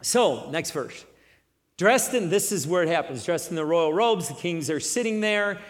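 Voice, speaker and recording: A man preaching a sermon, retelling a scripture story with lively energy and frequent asides. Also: on the high side, moderate pace, in a large hall. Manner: energetic, acts out characters, frequent "right?".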